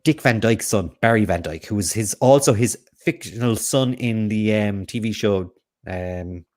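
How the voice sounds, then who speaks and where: A man's voice: lowish voice, a little slow, darkish tone, faint music behind. A man hosting a casual quiz, reading out questions and answer options and riffing on them with jokes. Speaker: quiz host.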